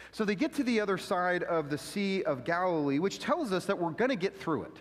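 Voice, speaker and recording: Male pastor, high-pitched, casual slangy preacher with lots of energy, long reverb. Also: normal speed. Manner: casual, animated, slangy delivery. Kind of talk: sermon.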